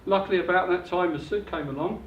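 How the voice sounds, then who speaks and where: A man's voice: sits high, quick pace, slight background noise. An older man giving an upbeat, salesy property seminar presentation, recorded from a distance in a hotel function room. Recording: echoey dull room recording from afar.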